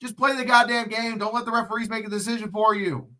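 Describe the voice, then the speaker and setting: A man's voice: high-pitched, steady tone, quick pace, pushed and bright. A man ranting and cursing bluntly while calling a football game live on a stream, lecturing the players between plays. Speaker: livestream commentator. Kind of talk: profane ranting play-by-play commentary.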